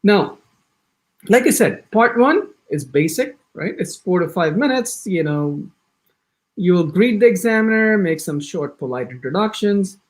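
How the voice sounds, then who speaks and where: A man with an American accent teaches an exam-prep orientation, his voice sitting a little high and swinging up and down a lot. He talks in quick bursts, restarts sentences often, and acts out sample answers. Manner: animated, talks fast in bursts with many restarts. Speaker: IELTS instructor. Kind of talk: orientation lecture.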